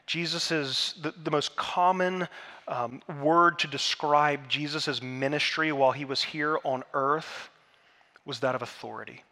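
Earnest bright-voiced pastor preaching. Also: male voice, fairly high pitch, unhurried. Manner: earnest, builds to emphatic peaks then drops to hushed tones. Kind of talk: sermon. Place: church sanctuary.

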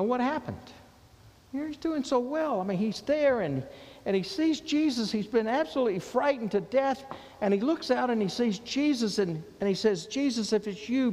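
A male pastor preaching with a high, lively voice that swoops up in fervor and sinks down soft for quoted scripture. His sermon rings out with a long church reverb trailing behind every phrase. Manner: impassioned preaching, dropping low and soft for quoted words of Jesus.

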